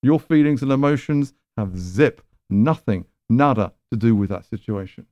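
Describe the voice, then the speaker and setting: A man's voice: medium pitch, animated, moderate pace, warm tone, no room sound. A man preaching a sermon in a conversational, emphatic way, with rhetorical questions.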